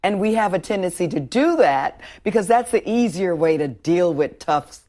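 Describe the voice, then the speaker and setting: A woman interviewing a guest in a relaxed conversation, often chiming in with agreement and short affirmations. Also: fairly low pitch, moderate pace.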